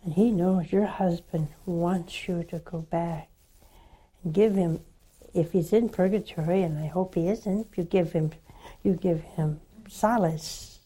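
Slow, mellow older woman counseling a caller. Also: fairly low pitch, fairly even intonation, husky. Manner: slow, warm pastoral counseling, emphatic and coaxing. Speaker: religious TV host taking calls. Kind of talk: call-in religious talk.

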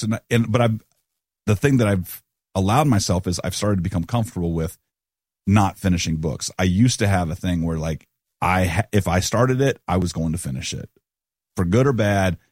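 A middle-aged man with a lowish voice chats easygoingly as a podcast co-host. He rambles and restarts his sentences. The sound is dry and close to the mic. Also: darkish tone, no echo. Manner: rambling, self-correcting, easygoing. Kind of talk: casual conversation.

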